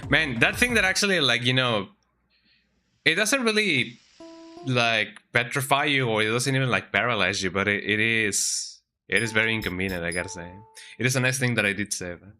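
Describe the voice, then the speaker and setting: His pitch fairly low and his pace fairly quick, a man streams a video game over soft background music. He's home with a cat in his lap, chatting animatedly to viewers and frequently adding "eh?" to the end of sentences.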